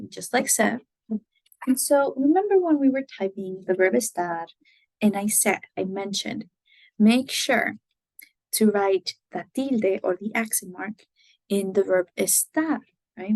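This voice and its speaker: A woman's voice: on the high side, a little mellow, no echo. A woman teacher giving a recorded lecture, explaining patiently, switching between English and Spanish examples and often checking in with "right?".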